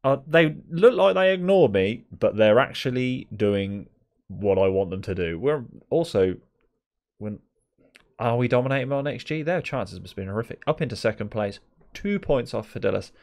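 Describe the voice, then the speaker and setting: A man's voice: mid-range voice, expressive, moderate pace, creaky, a little mellow. A young man gives chatty, exasperated live commentary on a game, talking to the players on screen. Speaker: gaming video creator.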